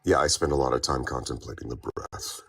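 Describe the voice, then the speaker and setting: A man chatting casually in a hesitant, soft-spoken way, his voice pushed lower than usual while he recovers. His tone is very deep and gravelly, and he sounds distant from the mic. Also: fairly quick. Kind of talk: casual chat.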